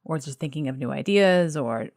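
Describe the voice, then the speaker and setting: A woman's voice: deep voice, expressive, normal speed, a little mellow, no echo, studio quality. A woman hosting a podcast in a candid conversation, chatty and self-deprecating, with many "like"s. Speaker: podcast host.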